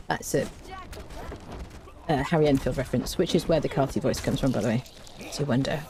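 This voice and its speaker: A woman's voice: low voice, quick pace, mellow, slight background noise. A woman live-streaming a game, chatting casually with her viewers and humming to herself between remarks. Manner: chatty, hums tunelessly between remarks, reads and answers chat. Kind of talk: casual live-stream chat while playing.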